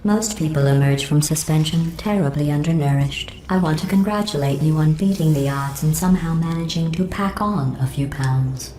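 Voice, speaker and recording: A cold, sarcastic female computer AI from a video game, speaking in a low, level tone through synthetic robotic processing. Her insults come politely and deadpan. The sound is echoey, as if filling a large test chamber. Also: moderate pace, hardly any pauses, slight background noise. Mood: deadpan mocking.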